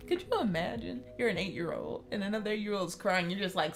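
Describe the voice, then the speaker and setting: A young woman reading a story game aloud and breaking off into jokey, animated asides to the characters. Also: medium pitch, a little fast, soft background music. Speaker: game streamer.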